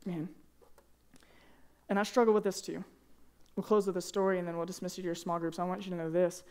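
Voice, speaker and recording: A young man preaching a casual, earnest sermon to high school students, peppering his talk with "man" and "like". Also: flat delivery, brisk, darkish tone, clear, resonant tone. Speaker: youth pastor. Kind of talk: youth sermon.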